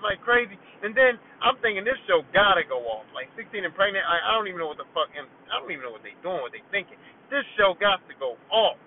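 A man in his thirties hosting a podcast, ranting casually and profanely, acting out quotes as he tells stories. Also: very high voice. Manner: profane, animated storytelling with acted-out quotes. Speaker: podcast host. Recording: tinny phone-like audio with faint noise.

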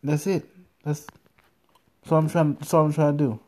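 A man's voice: on the high side, level tone, moderate pace, darkish tone. A young man hosting a podcast from his car, telling crude, profane stories in a loose, rambling way. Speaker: podcast host. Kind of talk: casual profane storytelling.

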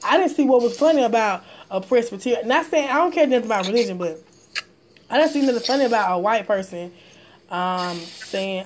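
A passionate woman speaks bluntly in a slightly high voice. She often repeats words when she is worked up. Faint noise sits under her voice. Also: lively intonation, fairly quick. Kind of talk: casual chat.

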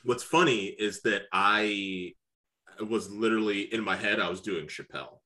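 A man's voice: lowish voice, normal speed, bright, forceful tone. A man co-hosting a casual chat over a video call, who laughs a lot. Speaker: podcast co-host. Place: home, remote video call.

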